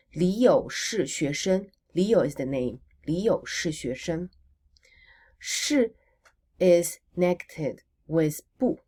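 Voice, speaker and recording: Woman language teacher, deep-pitched, slow and patient, drills words and answers her own prompts. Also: a little mellow, breathy edge. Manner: models words slowly for repetition, asks questions and answers them herself. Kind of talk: recorded language lesson.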